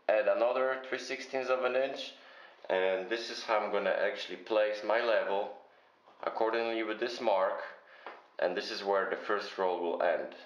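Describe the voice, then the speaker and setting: Slow, low-voiced man in echoey bathroom. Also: a bit bright, a little hiss or hum. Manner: methodical, hesitant with frequent fillers. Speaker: tile installer. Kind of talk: step-by-step how-to narration. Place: bathroom under renovation. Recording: very echoey room, dull sound.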